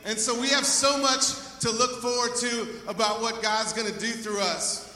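A pastor's extremely high voice carries a sharp edge as he delivers an energetic sermon, urging the congregation to praise. He keeps a steady tone at a normal speed. Heard from a distance, the recording captures the sanctuary's echoing hall.

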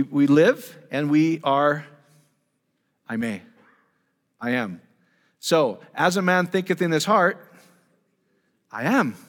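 A man preaching a teaching sermon in a church hall, enthusiastic and conversational, firing off rhetorical questions to the congregation. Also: a little high. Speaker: pastor. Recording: long reverb of a large hall.

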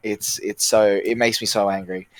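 A man from Australia with an Australian accent, talking about games in an animated, rambling casual chat with lots of fillers. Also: on the low side, moderate pace, dry recording.

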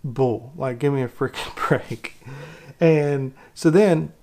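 A man's voice: medium pitch, slow, warm tone. A man giving an opinionated movie critique, exasperated and ranting, with lots of rhetorical questions. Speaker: film critic.

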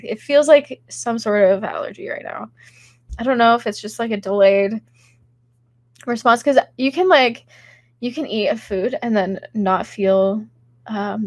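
Young woman, sick and stuffy, giggly, chatty, slightly high voice, dry close mic. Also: dry recording. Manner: giggly, chatty, many fillers. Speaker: podcast host reading chat. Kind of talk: casual livestream chat.

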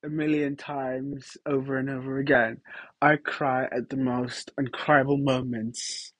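A man's voice: mid-range voice, little pitch movement, measured pace, a bit bright, no room sound, rough recording. A young man hosting a podcast, chatting casually and giggling through rambling stories with lots of fillers. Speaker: podcast host. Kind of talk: casual solo podcast chat.

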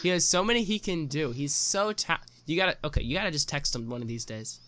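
A man's voice: a little high, animated, quick pace, sharp tone. A young man hosting a podcast, chatting casually and teasing his co-host with playful, rambling restarts.

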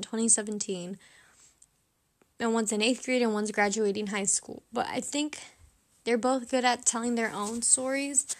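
Chatty young woman, fairly high voice. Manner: chatty, blunt, self-mocking. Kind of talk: casual movie-rating monologue.

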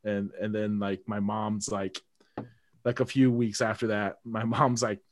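A man's voice: lowish voice, flat delivery, measured pace, a little hiss or hum. A man telling a story in a casual podcast chat, laughing often and mimicking the people he quotes.

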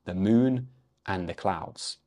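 A man's voice: deep voice, takes it slowly. A man voicing a laid-back, upbeat tour driver in his mid-thirties, without an accent. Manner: relaxed, upbeat.

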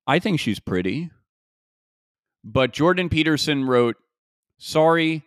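A man's voice: on the low side, moderate pace, no room sound, studio quality. A man hosting a podcast alone, musing in a casual way and asking himself rhetorical questions. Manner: conversational, musing, frequent restarts and rhetorical questions. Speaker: podcast host. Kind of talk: casual solo commentary.

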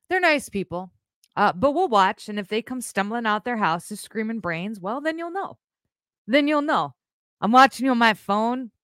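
A woman hosting a live podcast stream, chatting casually in a blunt, animated way, with rambling asides and swearing. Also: medium pitch, no echo, clean studio sound. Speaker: podcast host.

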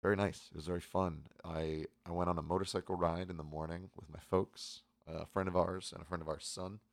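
A man's voice: deep voice, brisk, creaky, dry recording, studio quality. A young man hosting a movie podcast in casual, rambling chat full of fillers. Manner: relaxed, rambling, many fillers. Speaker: podcast host.

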